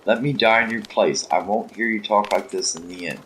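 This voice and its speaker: A man's voice: on the low side, fairly quick, a bit bright, slight background noise, natural voice, rough recording. A man reading the lines of a grandmother desperate to save her granddaughter, earnest and pleading.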